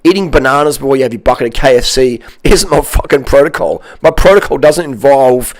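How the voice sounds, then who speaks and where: A man's voice: medium pitch, fairly quick. Man, fitness vlogger, combative rant, swears freely, blunt delivery. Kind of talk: ranting monologue.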